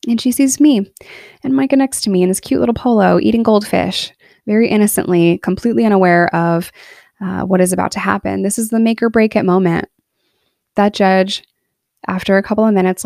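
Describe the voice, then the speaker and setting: A woman's voice: mid-range voice, fairly even intonation, a little fast, creaky, darkish tone, no echo, studio quality. A woman in her thirties telling her personal story in a candid, earnest monologue, emotional in places. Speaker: podcast storyteller.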